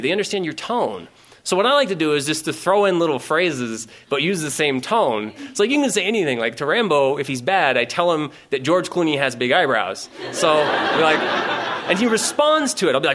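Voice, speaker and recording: A man spins a rambling comic anecdote, swearing freely and getting worked up as he goes. His voice is bright and edgy, sitting a little high for a man. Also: fairly quick. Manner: profane, rambling, animated retelling. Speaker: storyteller. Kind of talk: casual comic storytelling.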